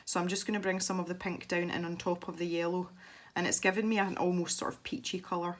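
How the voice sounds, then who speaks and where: Talking quickly in a lowish voice with little pitch movement, a woman from Scotland gives a casual colouring tutorial for her channel. She rambles through the art technique and laughs easily.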